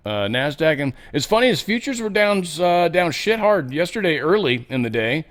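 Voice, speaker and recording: A man hosting a solo commentary show, talking casually and sarcastically, swinging between loud outbursts and muttered asides. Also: on the high side, very animated, normal speed. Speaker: host of a political commentary show.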